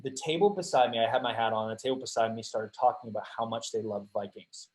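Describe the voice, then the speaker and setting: A young man, a guest actor, chatting casually on a podcast, telling animated stories, swearing freely and laughing often. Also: mid-range voice, fast talker, low-quality recording.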